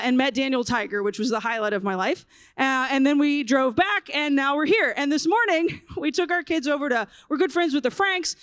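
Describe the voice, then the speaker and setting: A woman in her thirties giving a humorous keynote talk at a conference, telling lively stories and acting out children's voices. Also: high-pitched, no echo, studio quality. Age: 30s. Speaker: conference speaker. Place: conference stage.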